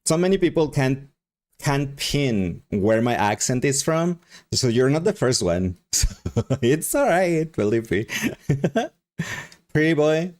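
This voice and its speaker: A man's voice: medium pitch, big pitch swings, unhurried, darkish tone. A man with a Mexican accent chatting casually with his live stream chat, rambling and laughing often. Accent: Mexican Spanish.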